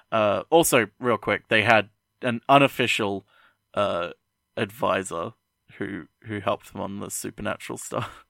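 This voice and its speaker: Guy cohost tossing in trivia, lots of uhs, lowish bright voice, dry close mic. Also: slow, gravelly, pauses often, dry recording. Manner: chatty trivia asides, hesitant with many fillers. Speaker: podcast co-host. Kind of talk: casual podcast chat.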